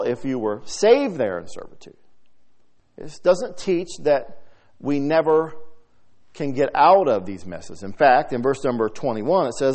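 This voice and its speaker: A man preaching a sermon, reading scripture aloud and swinging from soft talk to loud, emphatic delivery. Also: mid-range voice, sing-song, unhurried.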